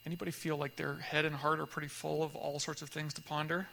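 A man leading a church group, telling a story in a lively conversational way and acting out the voices of people in it. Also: on the high side, fast, vocal fry, in a large hall, a little hiss or hum. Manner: animated storyteller, acts out dialogue, laughs often. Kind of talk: conversational teaching talk with storytelling.

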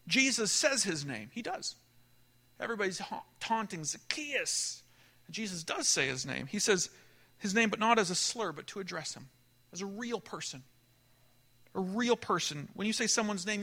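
A man preaching a sermon, telling a story with animated delivery that swings between emphatic and hushed. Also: high-pitched.

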